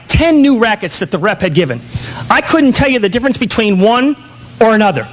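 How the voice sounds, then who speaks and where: High-pitched man giving a keynote. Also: a bit bright, poor audio. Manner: emphatic, rhetorical questions. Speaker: keynote speaker. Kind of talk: motivational keynote speech. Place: conference hall.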